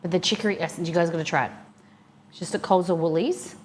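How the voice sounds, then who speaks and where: A woman's voice: fairly low pitch, quick pace, slight background noise. A young woman chatting casually with viewers on a live stream while eating, reading chat aloud and answering.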